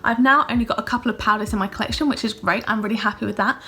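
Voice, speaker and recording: Fast-talking upbeat woman vlogger. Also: on the high side, steady tone, pushed and bright, breathy edge. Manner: chatty, upbeat, lots of fillers like "like" and "kind of". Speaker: beauty vlogger. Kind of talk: casual chatty product review. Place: her bedroom, indoors. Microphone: phone camera.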